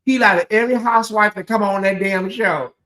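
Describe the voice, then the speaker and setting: Sassy, gossipy live commentary host. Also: a little fast. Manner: sassy, gossipy, talks to viewers as "girl" and "honey"; animated, swings between loud exclaims and low asides. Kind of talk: live reaction commentary, reading chat comments.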